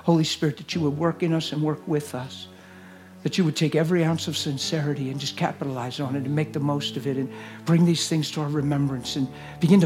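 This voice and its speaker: A man preaching a sermon and leading prayer, earnest, moving between hushed whispers and loud exclamations. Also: fairly high pitch. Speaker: guest preacher. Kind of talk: sermon with altar call and prayer. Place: church service.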